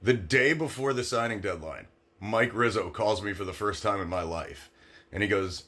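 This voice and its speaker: A man's voice: on the low side, moderate pace. A man in his thirties, a former sports agent, telling a story from his career in a brash, sarcastic, casual way. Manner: brash, sarcastic, animated when quoting others.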